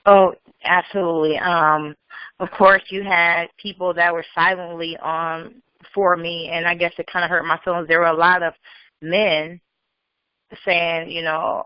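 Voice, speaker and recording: A woman's voice: on the low side, little pitch movement, a little slow, clear, resonant tone, dry recording. A woman, a police officer speaking earnestly and emotionally as a guest in a remote interview. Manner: earnest, emotional, plain-spoken. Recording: muffled dry call audio.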